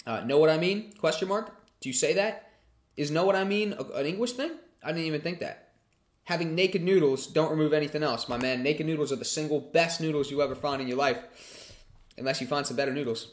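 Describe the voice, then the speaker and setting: A man's voice: fairly high pitch, a little fast. A man hosting a casual livestream Q&A. He reads chat questions aloud and answers them in a chatty way, swearing freely.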